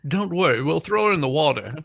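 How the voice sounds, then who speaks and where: A woman's voice: low-pitched, expressive, fast, vocal fry, no echo, clean studio sound. A woman in casual podcast chat, teasing and giggly.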